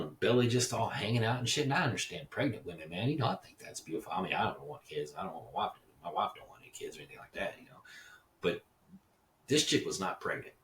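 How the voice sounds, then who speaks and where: Deep-voiced man ranting profanely in a roomy space. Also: fairly bright tone. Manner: rambling and profane, laughs at his own jokes. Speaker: podcast host. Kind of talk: casual solo podcast rant. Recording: roomy and distant from the mic, faint background noise.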